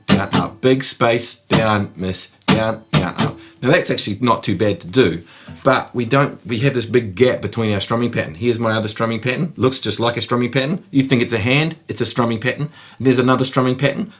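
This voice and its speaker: A man's voice: medium pitch, husky. A man giving a casual guitar lesson, counting strums aloud and joking with the viewer in a playful, chatty way. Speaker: guitar teacher.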